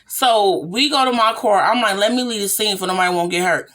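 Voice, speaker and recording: A woman from California telling a personal story in a casual, slangy way, her voice rising high whenever she quotes herself in the tense moments. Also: fairly quick. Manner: animated, slangy retelling with rising excited quotes.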